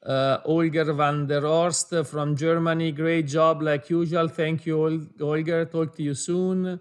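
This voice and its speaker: A man's voice: on the high side, flat delivery. Male webinar co-host, reads viewer messages in a friendly multilingual way, video call audio. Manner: reads out names and greetings, drifting between languages, quick to laugh.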